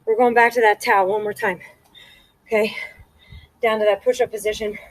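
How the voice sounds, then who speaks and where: A woman's voice: mid-range voice, steady tone, fairly quick, no echo, low-quality recording. A woman fitness instructor leading a workout and counting reps aloud, out of breath and encouraging.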